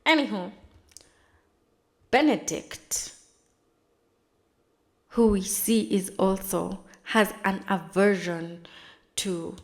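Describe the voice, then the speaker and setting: A woman chatting casually as she recaps a TV episode, retelling scenes with quick dramatized asides. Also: lowish voice, gravelly. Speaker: TV recap vlogger.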